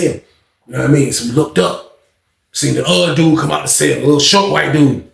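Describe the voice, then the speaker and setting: A man's voice: fairly high pitch, fairly quick, vocal fry, roomy sound. A man telling a story in a casual, slangy monologue and acting out the other people.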